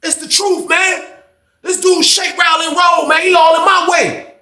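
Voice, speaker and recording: A man voicing a loud, hot-headed male fellow inmate who rants in a high, shouting voice. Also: little pitch movement, normal speed, echoey room. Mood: indignant. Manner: high-pitched shouting rant.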